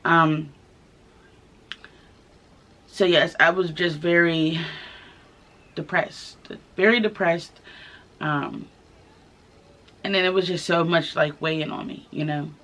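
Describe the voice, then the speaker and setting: A young woman telling her own story to the camera in a casual vlog, candid and soft-spoken, pausing often with fillers. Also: deep voice, steady tone. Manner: candid, halting, many fillers. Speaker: vlogger. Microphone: camera mic, filming herself.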